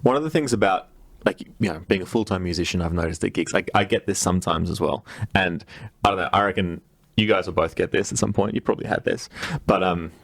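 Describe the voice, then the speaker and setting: Australian man, lowish voice, animated chat. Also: fast. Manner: animated storyteller, acts out other people's lines. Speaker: podcast co-host. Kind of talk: casual chat.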